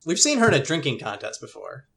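A woman's voice: extremely low pitch, wildly swooping pitch, fast talker, gravelly. A woman running a tabletop game as game master. She narrates loosely and chattily, full of fillers and asides.

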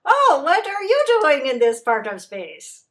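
Brief: sly insect envoy with a sweet, falsely innocent high voice, put on by a woman. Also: lively intonation, a little slow, a bit bright. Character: grinning ant alien, sly feigned innocence. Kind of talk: tabletop role-play.

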